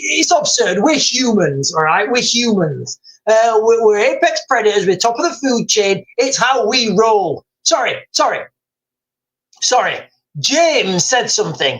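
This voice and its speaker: A man's voice: sits high, very animated, a bit bright, rough recording. A man hosting a livestream, ranting and rambling with emphatic repetition. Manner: rambling, fast and emphatic, repeating himself. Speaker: livestream host.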